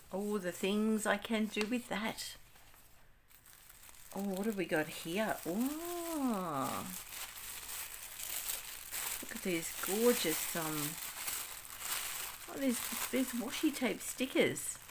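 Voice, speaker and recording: A woman's voice: medium pitch, lively intonation, takes it slowly, long pauses, noisy background. An Australian woman in her sixties chatting casually as she unboxes mail, gushing and exclaiming over each item. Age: 60s. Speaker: craft vlogger.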